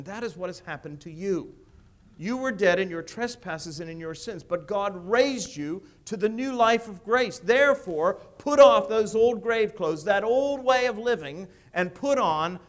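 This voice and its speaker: A man preaching an expository sermon, emphatic and rising loud on key phrases, often asking his listeners questions. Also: high voice.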